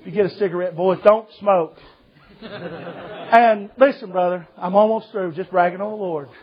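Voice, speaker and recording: Speaking at normal speed in a high voice, a preacher entertains a church congregation with a folksy sermon built on funny stories. He calls the listeners brother, and the recording is dull.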